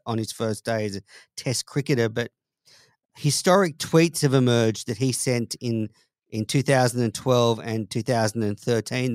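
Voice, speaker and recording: A man hosting a daily cricket podcast, presenting the news in a clear, steady delivery. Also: mid-range voice, dry recording, studio quality. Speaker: host.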